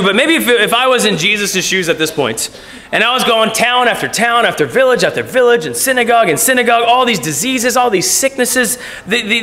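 A man preaching a lively sermon, acting out quoted voices and laughing often. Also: very high voice, reverberant. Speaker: pastor.

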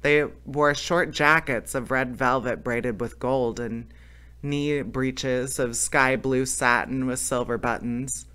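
A man's voice: medium pitch, steady tone, slow pace, sharp tone, clear, resonant tone. A man reading a fairy tale aloud as a storyteller, with plain storybook narration and small slips.

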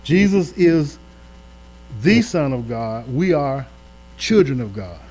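A man pastor preaching a sermon in a colloquial, call-and-response manner, shifting between loud emphatic swells and quiet asides. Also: mid-range voice, very animated, slow pace, rough recording. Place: church during a live-streamed Bible study.

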